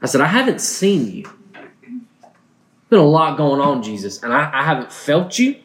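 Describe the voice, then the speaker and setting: A man's voice: on the high side, sing-song, a bit bright. A man preaching a sermon, telling a personal story earnestly, often restarting his words. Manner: earnest, halting with frequent restarts.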